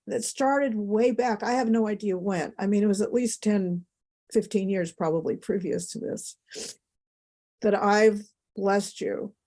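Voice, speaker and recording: Mellow-voiced woman telling a heartfelt story. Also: mid-range voice. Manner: emotional, rambling with many asides. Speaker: podcast guest. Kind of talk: personal storytelling.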